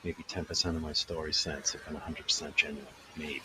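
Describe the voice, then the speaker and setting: A smug old newsman who brags about his lies, as a man acts him out in a comedy audio drama. His voice sits very low and slow, dismissive of anyone who questions him. A faint hiss runs under the recording. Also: flat delivery. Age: older. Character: unrepentant old male con-man journalist.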